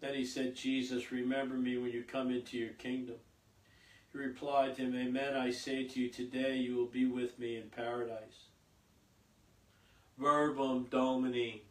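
A priest reading scripture at Mass and then preaching a homily in a slow, halting way, with many fillers and repeated words. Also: male voice, mid-range voice, little pitch movement. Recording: echoey church, voice from a distance.

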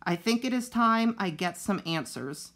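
Picture a calm, earnest female robot from a storybook, with every word measured and plain, as a woman reads her lines aloud. Her voice sits at a middling pitch, neither high nor low. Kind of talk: reading a children's novel aloud.

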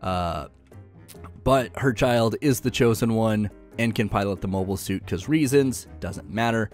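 A man's voice: fairly low pitch, a little slow, soft background music. A man giving a casual episode recap, joking, slangy and full of sarcastic asides. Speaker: anime recap host.

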